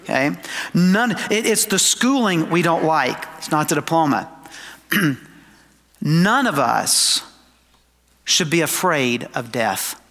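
A man preaching a sermon to his congregation, emphatic, slowing down for quoted scripture and dropping into conversational asides. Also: on the high side, lively intonation, a bit bright. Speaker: pastor. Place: church sanctuary. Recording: long hall reverb.

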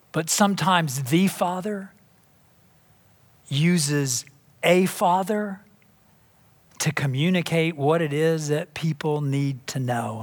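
A pastor from Texas preaching a sermon in a church, emphatic and full of rhetorical questions. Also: male voice, fairly high pitch, fairly bright tone. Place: church sanctuary. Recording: long reverb in a big hall.

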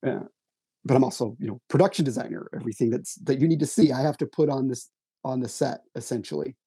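A man's voice: medium pitch, fast, warm tone, breathy edge, no room sound. A man, a writer and stage actor, telling self-deprecating stories in a casual conversation.

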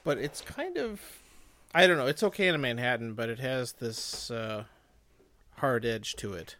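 A man's voice: mid-range voice, animated, moderate pace, a bit bright. A man, co-hosting a podcast in a casual, rambling way, often restarting his sentences. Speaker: podcast co-host. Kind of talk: casual chat.

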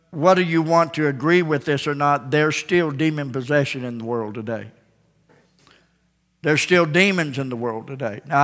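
Pastor, male, slightly high voice, emphatic folksy preaching; echoey sanctuary. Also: a bit bright. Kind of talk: sermon. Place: church sanctuary. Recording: echoey church hall.

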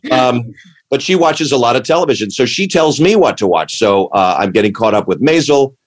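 A man's voice: mid-range voice, lively intonation, brisk. A man in casual chat, rambling and restarting his sentences, enthusiastic about what he describes. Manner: rambling, self-interrupting, enthusiastic.

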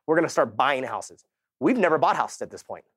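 Animated, slangy man storyteller. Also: medium pitch, a little fast, slightly rough, dry recording, clean studio sound. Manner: animated, slangy, acts out quoted dialogue. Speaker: real estate agent giving a talk. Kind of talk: energetic motivational storytelling. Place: stage at a sales summit.

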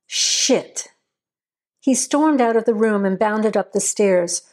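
A woman reading a horror story aloud as a scripted narration, at a steady, measured pace. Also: mid-range voice.

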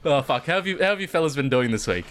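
A man's voice: fairly high pitch, expressive, rapid-fire, fairly bright tone. A man co-hosting a casual podcast, swearing a lot and laughing as he rambles. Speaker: podcast co-host. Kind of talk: casual chat.

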